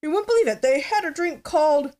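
A woman putting on a rough impression of an older male late-night TV host telling corny jokes, with a drawling delivery. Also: high-pitched, expressive, brisk, warm tone, pitched above the performer's own voice.

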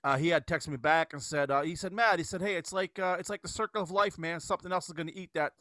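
A man's voice: a little high, quick pace, bright, forceful tone, no room sound. A man hosting a casual podcast chat, telling a rambling story with lots of restarts and fillers. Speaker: podcast host.

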